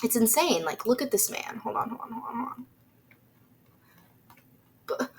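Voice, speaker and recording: A woman's voice: fairly high pitch, lively intonation, fast, creaky, background noise. A young woman giving casual, opinionated commentary in a reaction video, chatty and full of "like" and "um".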